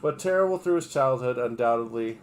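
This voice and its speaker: A man's voice: mid-range voice, expressive, brisk, soft background music. A man on a livestream reading an article aloud, stumbling over names and breaking off for crude, sarcastic remarks. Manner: reads steadily, breaks off for crude, sarcastic asides.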